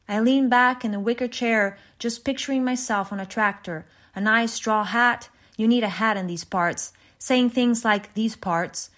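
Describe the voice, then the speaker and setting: A woman reading a short story aloud in an even, measured way, with small restarts. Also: on the high side. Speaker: reader.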